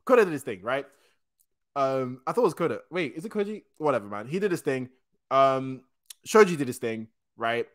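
A young man hosting a casual manga reaction, excitable and slangy, often stopping to correct himself. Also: mid-range voice, brisk. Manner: excitable slangy chatter, frequent restarts.

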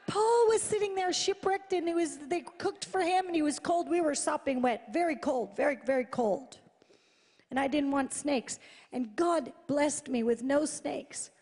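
A woman preaching a sermon live, telling stories in an animated, repetitive way that swings between loud and hushed. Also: high voice, a little slow. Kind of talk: sermon storytelling. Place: large church hall, live event. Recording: live in a reverberant hall.

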